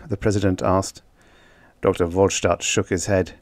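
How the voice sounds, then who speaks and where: A man reading a vintage science fiction story aloud as an audiobook narrator, in expressive storytelling. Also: low voice, brisk, no echo, clean studio sound. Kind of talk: scripted narration.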